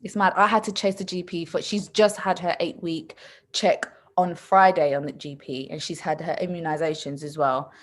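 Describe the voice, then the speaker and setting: Her voice is on the low side and her speed normal. This young podcast co-host chats casually, telling lively stories, laughing a lot, and performing other people's quotes.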